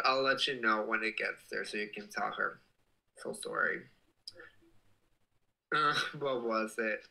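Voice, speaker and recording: A livestreamer chatting casually and reading viewer comments, playful and gushing, with affectionate swearing and sudden excited outbursts. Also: mid-range voice, low-quality recording.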